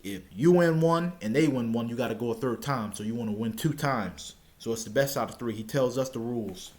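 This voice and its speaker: A young man casually telling a personal story, stammering now and then and shouting out the lines he quotes. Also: medium pitch, fairly quick.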